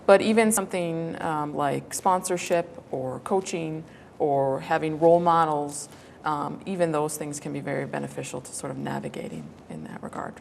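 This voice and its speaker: A woman on a panel speaks in a measured way with some fillers. Her voice is low and gravelly. It carries a long hall reverb. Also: a little hiss or hum. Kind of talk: panel discussion.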